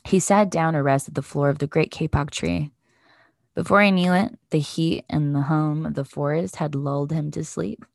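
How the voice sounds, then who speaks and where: A woman podcast host reading a children's picture book aloud in a gentle, measured way. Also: low voice, steady tone, vocal fry, dry recording, clean studio sound.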